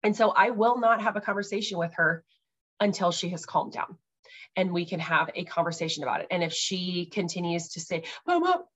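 This thirty-something podcast host talks briskly about parenting in a fairly low, somewhat bright voice with a breathy edge and fairly even intonation. She's chatty and quick to laugh, with plenty of ums and likes.

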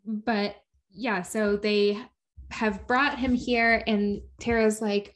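A woman co-hosting a podcast, chatting casually while recapping a show, talking quickly and laughing often. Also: medium pitch, fairly even intonation. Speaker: podcast co-host.

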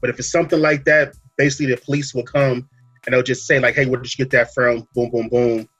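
A man hosting a podcast, talking through a story in a relaxed casual way, full of fillers and asides. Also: medium pitch, fast talker, muffled recording, soft background music. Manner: relaxed storytelling, many fillers and "you know what I'm saying". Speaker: podcast host. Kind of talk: casual chat.

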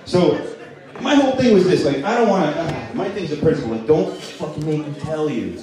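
In a comedy club, a man with a slightly high voice does a brisk stand-up set full of crowd work, his pitch swinging widely. He's crude and often laughs at his own jokes, captured by a distant mic in an echoey room.

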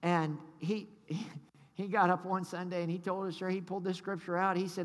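A man's voice: sits high, little pitch movement, brisk. A man preaching a sermon as pastor, fervent and full of call-and-response to the congregation, often stumbling and restarting. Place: church sanctuary. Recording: echoey church with long reverb.

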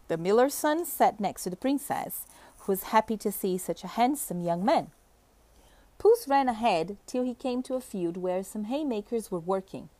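Woman reading a fairy tale, lots of pitch movement, dry close sound. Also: moderate pace, dry recording. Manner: expressive, animated storybook reading. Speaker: storyteller.

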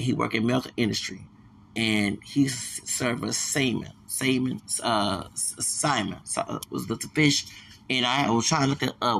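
A man's voice: medium pitch, gravelly, fairly bright tone, a little hiss or hum. A man, talking in a digressive, repetitive podcast monologue full of stumbling restarts.

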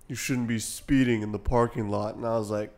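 A young man co-hosting a podcast, chatting casually and joking crudely with loud bursts of laughter. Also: on the low side, steady tone, fairly quick. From California. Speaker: podcast co-host. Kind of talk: casual chat.

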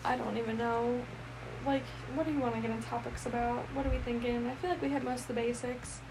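A woman with a gravelly, fairly high voice co-hosts a casual podcast. She tells stories loosely, swearing and mimicking the people in them. A faint room hiss sits behind her. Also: level tone, quick pace. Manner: storytelling with swearing, acts out quoted people. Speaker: podcast co-host. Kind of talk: casual chat.

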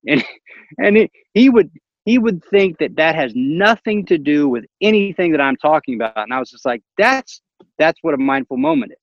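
A man's voice: fairly high pitch, moderate pace, gravelly, no room sound, lo-fi sound. A man casually telling a story, acting out the voices of the people in it and laughing often. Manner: animated, acts out quoted voices, laughs often.

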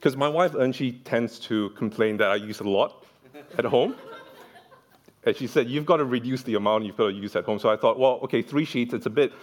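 A man's voice: mid-range voice, fairly quick. A man preaching a sermon in a church, telling funny anecdotes and acting out the voices of the people in them. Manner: storytelling, playful, acts out quoted voices.

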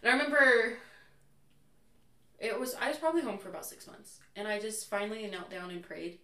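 A woman's voice: medium pitch, a little fast. A young adult woman, a guest in a casual chat, telling stories candidly and acting out what people said. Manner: candid, animated storyteller who acts out quotes. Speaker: interview guest. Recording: roomy echo, voice far from mic.

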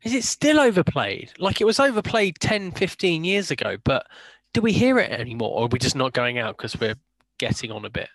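A man's voice: a little high, very animated, brisk, fairly bright tone, dry recording. A man co-hosting a podcast, joking wryly and laughing often. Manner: wry, jokey, laughs a lot. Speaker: podcast co-host. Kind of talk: casual chat.

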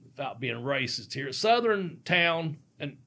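A man's voice: a little high, big pitch swings, measured pace, gravelly, pushed and bright. Profane, laughing man telling a story. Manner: laughing often, profane, rambling. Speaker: guest, former pro wrestler. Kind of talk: casual storytelling.

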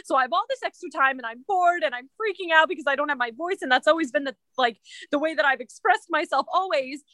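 Bright high-voiced young woman guest. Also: fast talker, no echo. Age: young adult. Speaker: guest composer. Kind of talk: interview answers.

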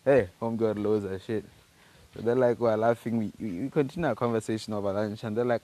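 A man's voice: lowish voice, steady tone, fast, mellow. A teenage man from Africa, telling a loose, slangy story on his own podcast, full of restarts and repeated words. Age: teens. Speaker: podcast host.

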